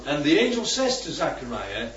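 A man's voice: on the high side, wildly swooping pitch, normal speed. A man leading a small-group Bible study, asking the group questions and checking in with "right?" and "yeah?". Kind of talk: teaching a group discussion. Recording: roomy, distant, dull-sounding recording.

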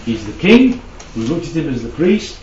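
Preacher, chatty, echoey hall. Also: male voice, a little high, very animated, normal speed, a little mellow, a little hiss or hum. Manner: conversational, checks in with the audience often. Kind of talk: interactive Bible teaching. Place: church hall. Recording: dull, echoey hall from far off.

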